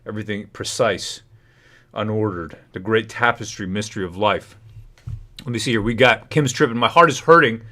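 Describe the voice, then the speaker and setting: A man with a fairly low voice rants as a livestream host. He talks in heated, indignant bursts. His commentary is loose and off the cuff. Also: normal speed, bright, forceful tone.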